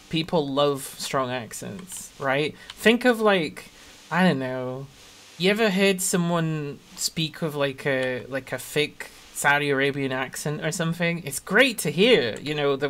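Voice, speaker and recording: Northern English streamer, mid-pitched, chatty and meandering, toned-down accent. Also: fairly bright tone. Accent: Northern English, Sheffield area. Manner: rambling, chatty, laughs mid-sentence; trims own accent toward neutral. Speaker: game streamer reading chat. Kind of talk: casual live-stream chat.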